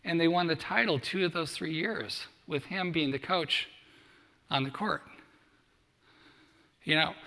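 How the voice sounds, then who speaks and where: Middle-aged male keynote speaker, lively storyteller, bright gravelly voice, hall reverb. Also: a little high. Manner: storytelling, acts out quoted dialogue. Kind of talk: motivational speech to student athletes. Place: large hall at a summit. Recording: echoey hall.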